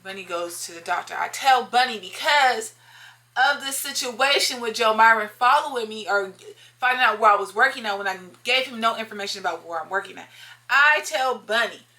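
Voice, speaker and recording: Bright-voiced woman telling a storytime. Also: a little high, brisk. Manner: emphatic, repeats lines for effect, talks straight to viewers. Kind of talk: casual storytime monologue.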